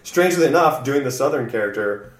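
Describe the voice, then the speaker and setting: A man's voice: mid-range voice, brisk. A man, a guest comedian from the American South, chatting casually and laughing often. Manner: relaxed, rambling, laughs often. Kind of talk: casual podcast conversation. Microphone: far from mic. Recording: echoey room, distant mic.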